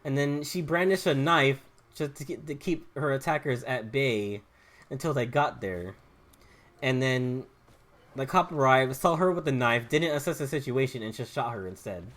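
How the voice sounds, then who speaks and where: A man's voice: mid-range voice, normal speed, fairly bright tone. A young man with a Southern US accent, rambling and stammering through restarts as he comments while gaming. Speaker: gaming YouTuber. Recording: faint game music behind.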